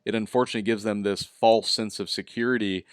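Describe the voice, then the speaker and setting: A man's voice: fairly low pitch, fairly even intonation, quick pace, clean tone, no echo, studio quality. A middle-aged man hosting a casual interview, talking in an easygoing coaching way, often asking "right?". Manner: easygoing, coaching tone with lots of "you know" and "right?". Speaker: host.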